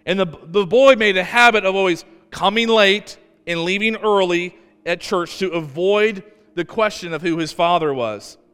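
A man preaching a sermon as pastor, telling stories with emphasis and slowing down to stress key words. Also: sits high, a bit bright, clean tone, big-room sound, faint music behind.

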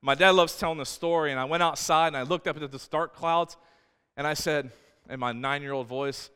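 A man's voice: a little high, brisk, clear, resonant tone. A man preaching a sermon as a pastor, telling personal stories with many restarts. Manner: storytelling, animated with many restarts. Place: church sanctuary. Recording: church hall with long reverb.

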